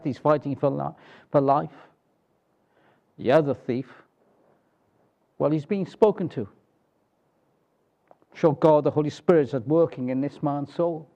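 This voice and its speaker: A man preaching a sermon, unhurried and emphatic, closing his points with rhetorical tag questions. His voice sits a little high yet sounds mellow and dark. The recording is dull and lo-fi.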